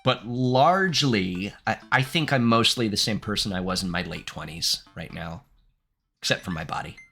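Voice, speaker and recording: A man in his thirties doing let's play commentary, reading game text aloud, animated and candid, laughing often. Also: lowish voice, normal speed, faint music behind. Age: 30s. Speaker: gaming streamer.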